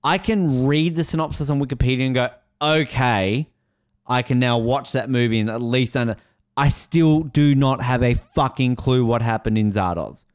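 A man's voice: mid-range voice, normal speed, smooth, no echo, clean studio sound. A man co-hosting a podcast, rambling and swearing casually as he chats and laughs. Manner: rambling, laughing, swearing, drops into silly voices. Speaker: podcast co-host. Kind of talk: casual chat.

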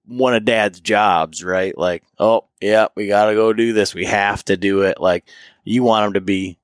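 A man's voice: lowish voice, steady tone, unhurried, dry recording, clean studio sound. A man co-hosting a casual podcast, talking loosely with lots of fillers and acting out quotes as he tells stories. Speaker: podcast co-host.

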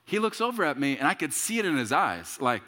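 Male pastor, 30s, sermon, animated pitch, reverberant church hall. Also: fast. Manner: storytelling with humor and sudden loud shouts.

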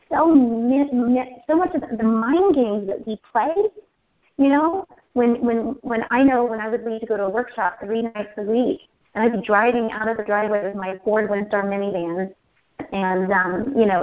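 A woman telling her personal story in an interview, animated and emotional, repeating phrases as she goes. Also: fairly high pitch, normal speed. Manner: animated, repeats herself, laughs and tears up. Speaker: interview guest. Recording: muffled lo-fi audio.

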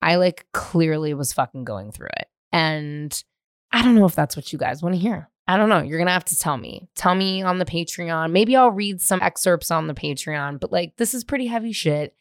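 Woman, 30s, solo podcast host, low-ish voice, dry close sound, swears freely, animated confessional rambling. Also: moderate pace, no echo. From San Francisco, USA. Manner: profane, animated, rambling with many "like" fillers. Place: at home in the living room.

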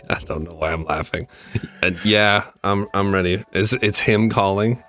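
A man's voice: on the low side, moderate pace, fairly bright tone. A man co-hosting a podcast, reacting with wry, reluctant remarks. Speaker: podcast co-host. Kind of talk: casual chat.

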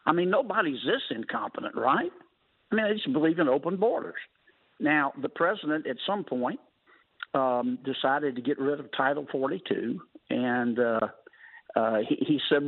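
A man's voice: fairly high pitch, expressive, normal speed, gravelly, breathy edge, dry recording. A man, a senator guesting on a talk radio show, talking in a folksy, wry way with colorful sayings. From Louisiana. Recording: phone-line call-in.

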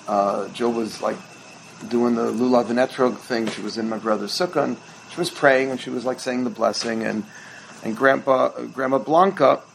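A man's voice: medium pitch, vocal fry, fairly bright tone, slight background noise, low-quality recording. A middle-aged man, a rabbi, teaching a holiday workshop in a conversational storytelling way and now and then quizzing his listeners.

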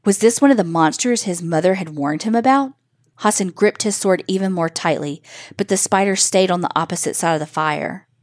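A woman's voice: on the low side, dry recording, clean studio sound. Woman reading a children's tale. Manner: measured, expressive storytelling. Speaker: narrator. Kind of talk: reading a children's story aloud.

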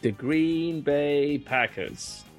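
A man's voice: on the high side, drawn-out words, faint music behind. A man from the UK co-hosting a casual podcast game, playful and full of banter. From United Kingdom. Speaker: podcast co-host.

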